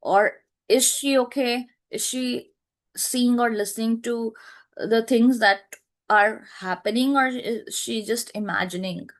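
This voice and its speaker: Woman teacher, slow, repetitive, explanatory. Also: fairly high pitch. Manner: repetitive, searching for words, frequent "right?". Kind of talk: explaining a play to students.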